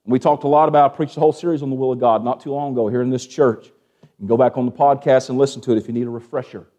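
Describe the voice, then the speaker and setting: A man preaching a sermon as pastor, asking the congregation for amens and dropping from raised, urgent lines to hushed ones. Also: mid-range voice, fairly even intonation, very fast. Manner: Southern-tinged preaching with call-and-response "amen?", swings from hushed to raised.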